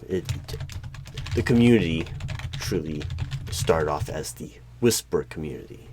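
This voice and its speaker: A man plays a secretive hiring manager for a hidden bureau in a one-sided audio role-play. His voice is very low and deadpan, and he runs through formal questions like a bureaucrat. Keyboard typing clicks away faintly behind him. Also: slight background noise. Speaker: interviewer.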